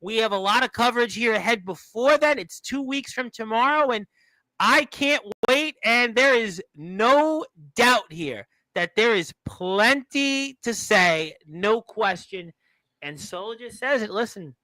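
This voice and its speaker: A man's voice: sits high, pushed and bright, dry recording. A man hosting a talk radio show, rambling along with lots of "um" fillers.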